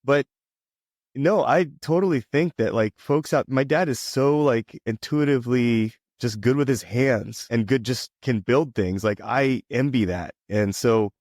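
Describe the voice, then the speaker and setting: A man's voice: mid-range voice, a little slow, darkish tone, no echo, studio quality. A man hosting an interview podcast, talking casually and rambling with lots of fillers. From Hawaii and Ohio. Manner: rambling, heavy on "you know" fillers. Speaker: podcast host.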